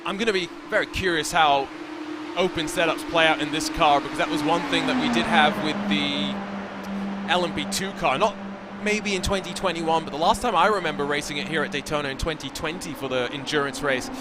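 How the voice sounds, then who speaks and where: A man commentating an esports endurance race, analytical and brisk with jokey asides. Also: fairly high pitch, heavy background noise.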